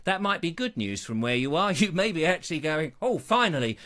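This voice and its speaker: A man's voice: a little high, lively intonation, fairly quick, a bit bright. A man hosting his own live show, chatting in a rambling, self-mocking, jokey way. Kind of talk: chatty live-stream banter.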